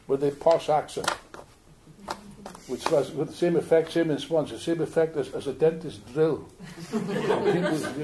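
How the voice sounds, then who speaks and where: An older man from Wales with a Welsh accent, giving an animated, joking political speech to an audience in a meeting room. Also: on the high side, a little hiss or hum. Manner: animated, jokey, repeats words while building points. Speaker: political speaker.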